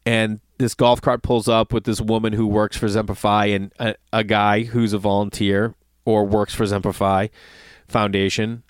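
A man's voice: lowish voice, moderate pace, clean tone, no room sound. A middle-aged man telling a story in a casual monologue, ranting and swearing as he goes. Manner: profane, ranting, animated storytelling.

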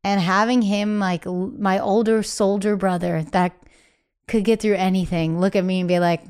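A young woman, a podcast guest, telling her own story candidly and acting out what family members said in quick bursts. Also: medium pitch, steady tone, darkish tone, clean tone. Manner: acts out quoted family speech, breathless bursts.

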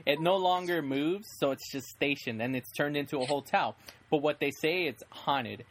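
A man's voice: a little high, moderate pace, fairly bright tone, a little hiss or hum. A young man hosting a casual podcast, rambling enthusiastically with frequent restarts. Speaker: podcast host. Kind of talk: casual chat.

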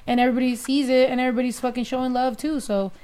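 A woman hosting a podcast, chatting casually, loud and full of swearing, slipping into Spanish. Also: high-pitched, level tone, racing, clean tone. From Mexico. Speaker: podcast host. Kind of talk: casual chat.

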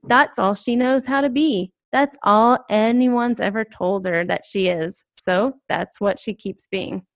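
A woman's voice: mid-range voice, unhurried, hardly any pauses. A woman co-hosting a podcast for teachers, stressing and repeating the key points. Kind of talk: conversational podcast advice.

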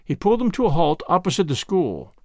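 A man narrating a storybook in an expressive reading. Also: on the high side, fairly quick, dry recording, studio quality. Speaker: audiobook narrator. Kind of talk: scripted narration.

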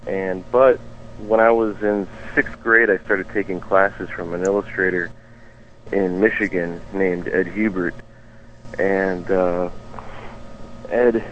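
A man's voice: low voice, steady tone, takes it slowly, long pauses. A man in his forties, a guest artist, answering interview questions in a loose, rambling way with many ums and restarts. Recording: dull lo-fi sound with faint noise.

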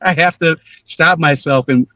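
A man chats through a relaxed interview, his voice pitched a little high. He is lively, acting out quoted lines with changes of voice. The recording is dry, and he sits somewhat back from the microphone. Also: unhurried, no echo, recorded from a distance. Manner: animated, acts out quoted voices. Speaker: actor guest. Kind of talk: casual interview storytelling.

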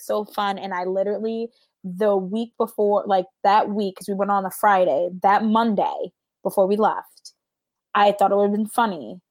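A woman in her thirties, a podcast guest telling stories in a chatty way, full of "like" and jumping high when she laughs. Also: darkish tone, no room sound. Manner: chatty, says "like" a lot, jumps to high squeals when laughing. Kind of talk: casual storytelling chat.

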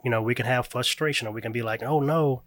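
A man's voice: medium pitch, fairly even intonation, very fast, bright, forceful tone, no echo. A man talking earnestly about raising his young son, telling stories in a reflective way. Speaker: grieving father, guest. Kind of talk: casual conversation.

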